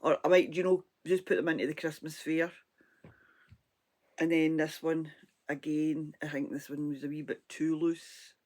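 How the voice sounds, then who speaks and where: Hoarse, chatty Scottish woman. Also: low-pitched, flat delivery, normal speed, a little mellow. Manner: rambling, chatty, laughs often. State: hoarse, froggy throat. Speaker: crochet vlogger. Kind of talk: casual crafting chat.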